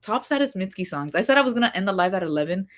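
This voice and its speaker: A young woman hosting a casual livestream, chatting in a rambling, expressive way with lots of fillers. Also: mid-range voice, racing. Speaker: livestream host.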